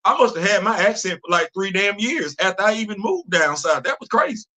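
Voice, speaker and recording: A brisk, animated middle-aged man from the Bronx hosts a streamed opinion monologue with a high, sharp-toned voice. His delivery is casual, conversational and emphatic, laced with street slang, with frequent repeats and restarts.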